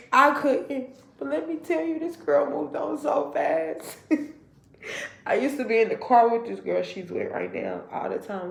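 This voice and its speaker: A woman's voice: fairly high pitch, gravelly, roomy sound. A woman vlogger telling a personal story to her viewers in an emotional, confiding way.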